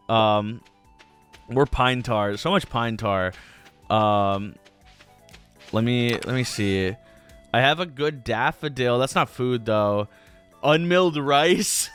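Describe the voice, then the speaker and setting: Slow-talking young man rambling over a game. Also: mid-range voice, fairly bright tone, clear, resonant tone. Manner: rambling, filler-heavy, jokey slang. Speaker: gaming channel host. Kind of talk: casual let's play commentary.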